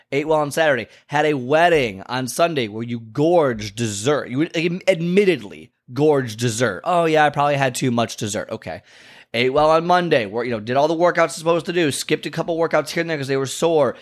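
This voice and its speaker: A chatty, animated male fitness coach gives casual advice to camera. His delivery is conversational, full of "okay?" and "you know" asides, and he acts out clients and himself with big jumps in pitch.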